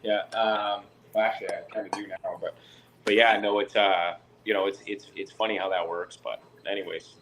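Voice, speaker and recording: A man from Canada with a lowish voice speaks at a moderate pace over slight background noise in a rough recording. He's a fish keeper in a casual live chat, animatedly acting out both people in the conversations he retells.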